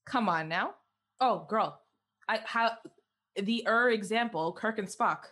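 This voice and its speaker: A young adult woman co-hosting a podcast in casual chat, animated and quick to laugh, with plenty of fillers. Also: mid-range voice. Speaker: podcast co-host.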